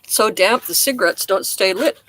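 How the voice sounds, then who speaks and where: A woman's voice: mid-range voice, a little fast, a bit bright. Rambling, self-mocking woman chatting outdoors. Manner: rambling, frank, self-mocking, chuckles often. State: coughing now and then. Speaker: livestream host chatting with viewers. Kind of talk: casual live-stream chat. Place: outdoors in a damp garden.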